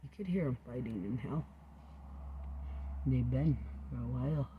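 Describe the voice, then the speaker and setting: A man's voice: medium pitch, normal speed, narrow, tinny audio, slight background noise. A man rambling into a home recording, drifting from topic to topic and often sinking to a near-whisper.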